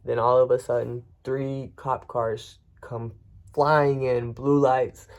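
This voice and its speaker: Man, gravelly voice, casual first-person storytelling, frank, rambling. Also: medium pitch, flat delivery, slow pace, lo-fi sound. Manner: frank, rambling, with frequent restarts. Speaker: vlogger.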